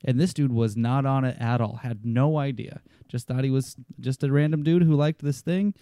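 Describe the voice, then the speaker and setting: A man's voice: mid-range voice, moderate pace, dark tone, dry recording, studio quality. A man chatting casually on a podcast, telling stories about clients, swearing and acting out what people said to him. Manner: storytelling, swears, acts out quotes.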